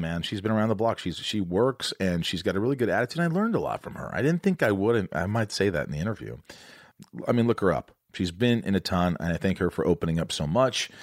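A man's voice: low-pitched, no room sound, studio quality. An American man hosting a podcast, talking in a rambling, joking, loose interview style. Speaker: podcast host. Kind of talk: casual interview chat.

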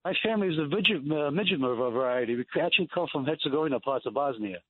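A man with a New York accent calling in to a talk show, earnest and polite, his words coming quickly. His voice is a little high. It comes through a thin telephone line. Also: expressive, breathy edge, no room sound. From Brooklyn, New York. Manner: polite, earnest, fast-talking. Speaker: caller. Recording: phone line.

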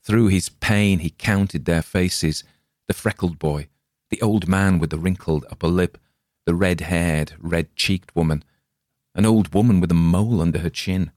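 A man with a very deep, low voice reads a dark tale aloud, measured and ominous. The recording is close and dry, with no room sound at all. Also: dry recording. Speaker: story narrator. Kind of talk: dramatic story reading.

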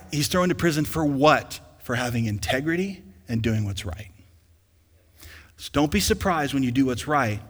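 A male pastor preaching a sermon who swings from hushed to loud and calls for responses from the congregation. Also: mid-range voice, in a large hall.

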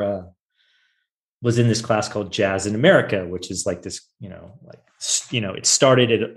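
Easygoing male podcast host. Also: fairly low pitch. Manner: laid-back, joking, self-deprecating anecdotes. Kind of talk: casual interview chat.

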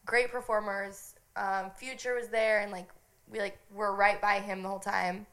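A young woman from Nebraska telling a lively story on a podcast, laughing often and filling her talk with "like". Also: medium pitch, moderate pace, clean tone. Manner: animated, giggly, lots of "like" fillers. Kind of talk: casual storytelling chat.

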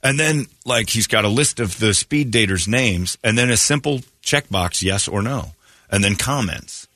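A man's voice: fairly low pitch, expressive, moderate pace, pushed and bright, dry recording. A man hosting a morning radio show, chatting casually and acting out quotes in raised voices as he tells a story.

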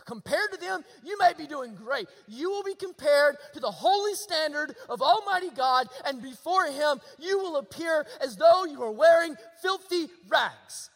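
High bright-voiced preacher, echoing hall. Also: male voice, lively intonation, normal speed, hardly any pauses. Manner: swings from hushed near-whispers to emphatic shouts; repetitive rhetorical questions to the congregation. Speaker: pastor. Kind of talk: sermon. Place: church sanctuary.

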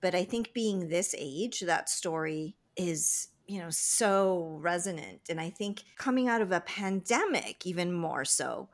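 A woman with a lowish voice hosting a casual interview. She asks questions and chats back and forth in an easy, conversational manner. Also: animated, unhurried, few pauses. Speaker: interview host.

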